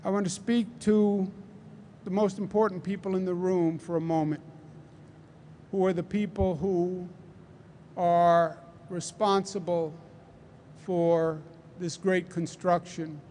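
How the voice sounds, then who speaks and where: A middle-aged man with a Queens accent speaks slowly and deliberately at a press briefing, pressing each point home. His voice sits fairly high for a man. A faint hum of ambience sits behind him. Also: level tone, a little mellow. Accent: New York (Queens). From New York. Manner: deliberate, emphatic, repeats points. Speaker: governor. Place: large convention center hall.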